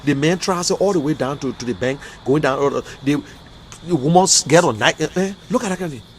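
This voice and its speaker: A Liberian man delivering an emotional, repetitive political rant as a commentator, swinging between loud outbursts and quiet, subdued stretches. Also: a little high, fast talker, slight background noise. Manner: emotional, repetitive, rising and falling intensity. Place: in America.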